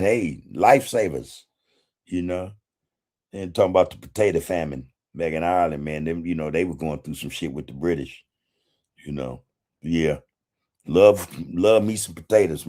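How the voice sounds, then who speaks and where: A man's voice: low voice, a little mellow. A man hosting a casual livestream, reading chat comments in a laid-back way, swearing freely and chuckling often. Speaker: podcast host reading live chat.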